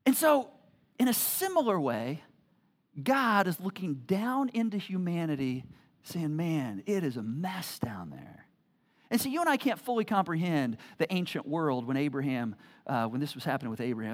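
A man pastor telling a personal story in a sermon, with many stumbling restarts and a low, soft voice for serious points.

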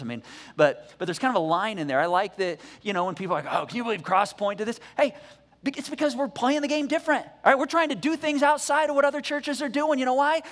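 A man preaching a sermon as pastor, energetic and conversational, often restarting his words. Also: sits high. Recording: echoey church hall reverb.

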